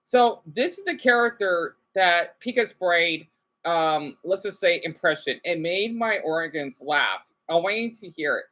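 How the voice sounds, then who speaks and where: A woman's voice: lowish voice, expressive, measured pace, highs cut off. A woman vlogger giving rambling, chatty livestream commentary with frequent restarts and check-ins with the audience.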